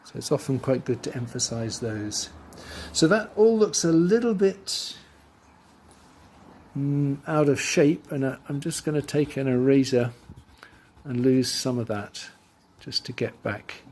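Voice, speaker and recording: Guy narrating his drawing as he goes, mid pitch, mutters little asides, charcoal scratching. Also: lively intonation, unhurried. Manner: thinking aloud while drawing, quiet trailing asides. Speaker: art teacher. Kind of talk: drawing tutorial voice-over.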